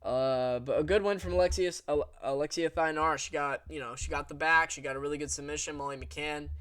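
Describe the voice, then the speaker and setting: A man's voice: fairly high pitch, fairly even intonation, a little fast, a bit bright, smooth, no room sound. A young man giving a casual, rambling fight recap, blunt and crude, with many fillers and restarts. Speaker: MMA recap host. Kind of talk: casual commentary.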